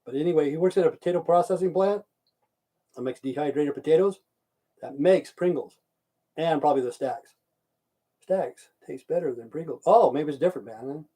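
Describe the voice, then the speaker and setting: A man's voice: on the high side, normal speed, long pauses, warm tone. Crude rambling man on a live stream. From Idaho, USA. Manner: crude, swears often, answers chat aloud. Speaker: live stream host reading chat. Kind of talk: casual rambling chat.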